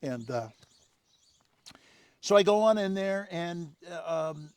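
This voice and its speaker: An older man, the guest, telling animated anecdotes in casual conversation, acting out other people's lines. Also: sits high, slow, clean tone, dry recording. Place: home on Maui.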